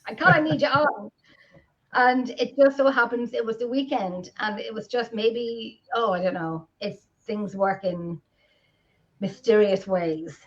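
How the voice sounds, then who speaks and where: An unhurried Irish woman with a mid-range voice co-hosts a live video podcast, chatting casually and restarting her thoughts again and again. The video-call recording is lo-fi.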